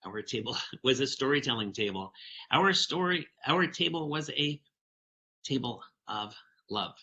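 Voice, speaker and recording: A man giving a storytelling keynote talk, animated as he reads from a picture book to the audience. His voice is very bright and forward, at a middle pitch. The recording sounds slightly dull and lo-fi. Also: unhurried. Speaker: keynote speaker.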